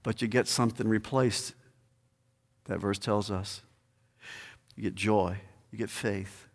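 A man preaching as a pastor, building to emphatic peaks and then slowing into a measured prayer. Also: fairly low pitch. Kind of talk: sermon and closing prayer. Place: church sanctuary. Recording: long church reverb.

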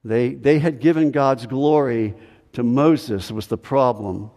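Male pastor, mid-pitched, emphatic sermon delivery, long hall reverb. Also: slow, darkish tone. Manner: emphatic preaching, repeats key phrases. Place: church sanctuary.

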